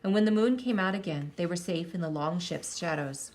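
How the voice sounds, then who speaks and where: Female storyteller, lowish, expressive read-aloud. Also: fairly quick. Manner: expressive, lingering on counts and sound words. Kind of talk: reading a children's story aloud.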